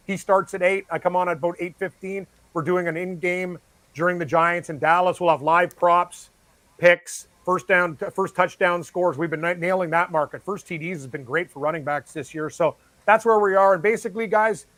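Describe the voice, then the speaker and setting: A man talking as a guest sports betting analyst, in an excitable, rambling casual chat. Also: sits high, dry recording. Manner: excitable, fast-rambling, laughs easily.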